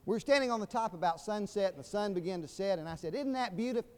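A man's voice: high-pitched, fast, smooth. An older man from Georgia with a Southern accent, preaching a sermon with folksy storytelling and humor that builds into emphatic proclamation. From Georgia, USA. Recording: long reverb of a large hall.

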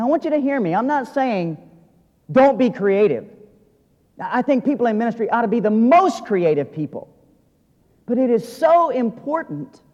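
A man preaching a sermon as pastor, earnest, swinging from loud emphasis to quiet intensity. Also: high voice. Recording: long hall reverb.

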